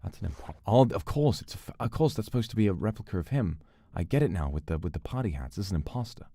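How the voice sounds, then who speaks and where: A male streamer giving animated gameplay commentary, swearing and yelling at the game. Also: sits low, fast talker, a little hiss or hum.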